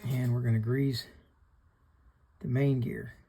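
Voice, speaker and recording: A middle-aged man walks through a hands-on repair tutorial step by step, plain-spoken and practical as he works. His voice has a gravelly fry and a husky edge, sitting at an ordinary middle pitch. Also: flat delivery, slow pace, warm tone. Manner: plain-spoken, talks through each step while working. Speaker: fishing reel repairer hosting a channel.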